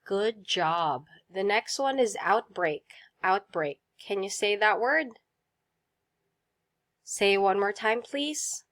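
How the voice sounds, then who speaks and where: A woman leads a vocabulary lesson at an unhurried, deliberate pace. She pronounces each word with care, has her listeners repeat it, and answers with quick praise. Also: mid-range voice, expressive, fairly bright tone. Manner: slow, clear drills with repeat prompts and praise. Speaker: teacher.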